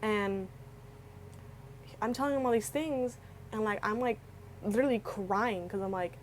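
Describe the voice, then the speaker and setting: Young woman, tearful, emotional storytelling, rambling, filler words, medium pitch. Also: a little slow, pauses often, a little hiss or hum, low-quality recording. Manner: rambling, repeats filler words, restarts sentences. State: tearful, close to crying. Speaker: vlogger.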